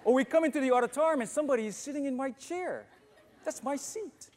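A man's voice: very high voice, very fast, darkish tone, slight background noise. A man preaching a sermon as pastor, speaking conversationally and asking the congregation questions, in a church auditorium. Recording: long reverb of a church hall.

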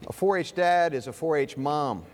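A man's voice: a little high, lively intonation, moderate pace. A man giving a Father's Day sermon, earnest and storytelling. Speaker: guest speaker. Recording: reverberant hall.

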